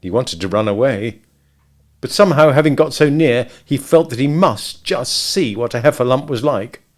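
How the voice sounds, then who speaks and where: Male narrator, storybook read-aloud, lively animated intonation. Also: mid-range voice, moderate pace.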